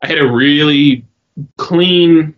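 A young man co-hosting a podcast, telling a story in a rambling, swearing, animated way. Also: on the high side, slow pace. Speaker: podcast co-host. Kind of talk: casual chat. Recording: dull lo-fi sound.

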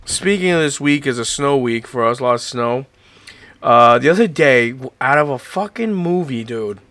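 A man's voice: mid-range voice, normal speed, dry recording. A man co-hosting a casual chat, rambling through stories with heavy swearing and lots of fillers. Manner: animated storytelling. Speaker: podcast co-host.

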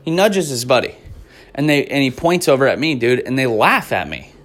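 A man in his twenties rants through a stand-up bit, swearing freely as he rambles from one complaint to the next. His pitch sits at an ordinary middle level. He sounds exasperated throughout. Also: expressive, normal speed, a bit bright. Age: 20s. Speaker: comedian. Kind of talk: stand-up rant.

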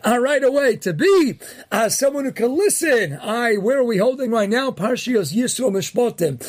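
A man with a strikingly high voice hosts a daily inspirational talk, mixing jokes with Torah teaching. His delivery is animated, and he punches his main points with near-shouts. He peppers his English with Yeshivish Hebrew terms. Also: moderate pace.

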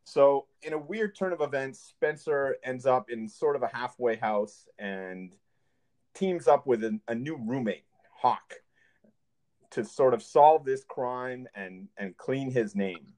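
A man gives a measured, critical take on a movie in a casual podcast chat. His voice sits at an ordinary middle pitch for a man. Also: lively intonation, darkish tone. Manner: measured, plainly critical summaries. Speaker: podcast co-host.

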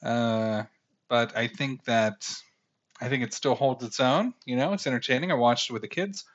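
A man's voice: mid-range voice, normal speed, a bit bright. Casual male podcast host in his thirties, wry and rambling, slightly muffled home recording. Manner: rambling, sarcastic about critics, many fillers. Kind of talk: casual film review chat.

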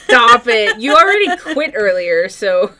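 A woman's voice: on the high side, big pitch swings, unhurried, bright, forceful tone. A woman in her thirties, a guest on a podcast, chatting casually with a giggly, teasing manner. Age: 30s. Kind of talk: casual chat.

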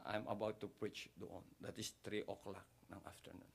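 A middle-aged Filipino man preaching a sermon, mixing English and Tagalog and acting out the people in his story with sudden high voices. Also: little pitch movement, normal speed, vocal fry, slightly rough. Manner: switches between English and Tagalog, acts out dialogue with big pitch jumps. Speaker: pastor.

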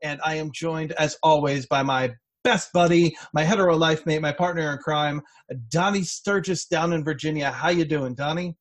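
A man's voice: fairly high pitch, fairly even intonation, normal speed. A man hosting a casual podcast, talking in a chatty way with frequent restarts and fillers. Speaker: podcast host.

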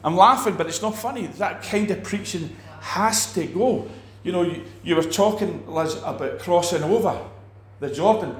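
A man teaching about faith in a relaxed talk, animated, acting out quoted people and restarting his sentences often. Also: high voice, moderate pace, few pauses, reverberant. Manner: animated, acts out quoted preachers, many restarts. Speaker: preacher.

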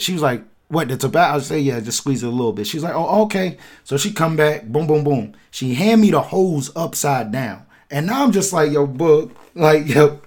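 A man's voice: on the high side, a little fast, a little mellow. A man casually telling a long personal anecdote on a podcast, slangy and laid-back, acting out the dialogue. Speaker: podcast host. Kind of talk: casual storytelling.

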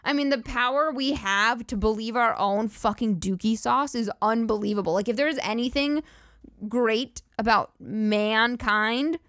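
A woman's voice: on the high side, unhurried, fairly bright tone, dry recording, clean studio sound. A woman hosting a comedy podcast, rambling through profane, giggly riffs. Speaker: podcast host. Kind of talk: casual comedic monologue.

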